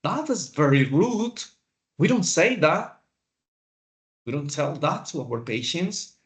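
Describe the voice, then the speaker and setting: A man teaching a class, lecturing in a slow, deliberate way with pauses. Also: fairly high pitch, big pitch swings. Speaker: instructor.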